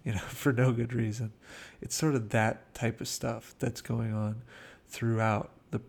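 A man's voice: medium pitch, little pitch movement, measured pace, creaky, breathy edge. A man casually telling behind-the-scenes film anecdotes in a chatty way, acting out quotes. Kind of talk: casual storytelling commentary.

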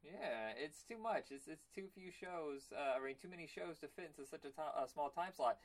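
Rambling, excitable male podcast host. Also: fairly high pitch, moderate pace. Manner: rambling, excitable, acts out cartoon voices. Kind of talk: casual chat.

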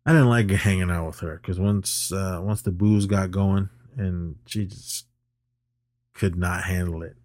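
A man's voice: deep voice, a little slow, no room sound, clean studio sound. Laughing man recapping a movie. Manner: animated retelling, laughs often. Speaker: podcast co-host. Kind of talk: casual movie recap chat.

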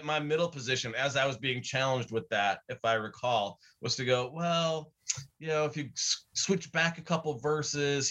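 A man's voice: mid-range voice, fairly bright tone. A man, a guest on a talk show, explaining his views in an earnest, reflective way. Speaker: guest from a Bible study center. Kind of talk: conversational interview.

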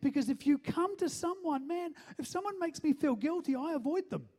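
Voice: high-pitched, lively intonation, a little fast, darkish tone. A pastor preaching a sermon, stressing each point and often asking the listeners if they are following. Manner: keeps checking in with the listeners, emphatic.

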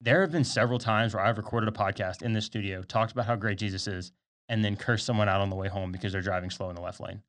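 Fast-talking young man on a podcast. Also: lowish voice, steady tone, a bit bright. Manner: earnest, explains at length with side notes. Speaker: podcast co-host. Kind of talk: casual faith podcast chat. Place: podcast studio.

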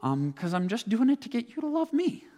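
A man's voice: very high-pitched, big pitch swings, a little fast, dark tone. Earnest young man in a reverberant hall. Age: young adult. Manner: earnest, reflective, stumbles over words. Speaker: student speaker sharing faith. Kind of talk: personal testimony talk.

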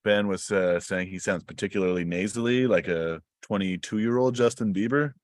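A man co-hosting a podcast, chatting casually with flat, deadpan teasing. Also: fairly low pitch, normal speed. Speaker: podcast co-host. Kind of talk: casual chat.

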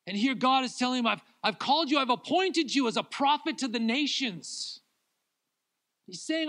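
Male pastor, young adult, high and bright, sermon with loud pleas and soft asides. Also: animated, normal speed. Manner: swings between loud acted-out pleas and quiet confiding talk, laughs often.

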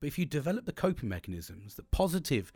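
A man's voice: fairly high pitch, big pitch swings, fast talker, dark tone, slightly rough, dry recording. A middle-aged man hosting a podcast, talking candidly and bluntly about coping, swearing freely and often restarting his sentences. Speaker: podcast host. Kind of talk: candid self-help monologue.

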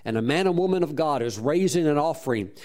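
A man's voice: fairly high pitch, lively intonation, fast, dark tone. A man preaching a sermon as a pastor, telling a story with fervent praise and frequent restarts. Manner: repeats words while restarting phrases.

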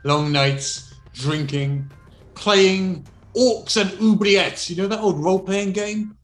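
A woman's voice: mid-range voice, takes it slowly, voice pushed up, lightly acted. A man voicing a harsh, boastful female villain duchess with an edge to her voice in a tabletop game. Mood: mocking. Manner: taunting, grandiose boasting. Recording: roomy echo, faint music.

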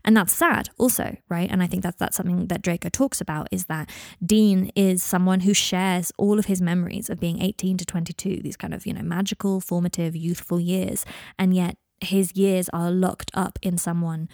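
A woman's voice: lowish voice, steady tone, moderate pace, gravelly, darkish tone, dry recording, clean studio sound. A woman hosting a podcast, talking casually and reflectively about her writing with lots of fillers and self-deprecating asides. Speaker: podcast host and fan fiction writer.

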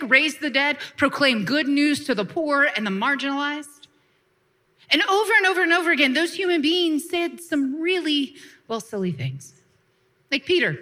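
A woman pastor preaching a lively sermon, laughing now and then and calling for responses from the congregation. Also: sits high.

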